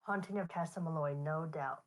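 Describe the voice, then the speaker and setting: Deep-voiced woman gushing about games in casual chat. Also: moderate pace. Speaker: co-commentator.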